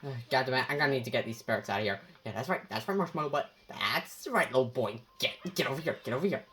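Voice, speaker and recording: A woman playing a game, talking dramatically, taunting enemies, swearing and swinging between shouts and mutters. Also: very deep voice, lively intonation, fast talker, faint music behind. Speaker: gamer.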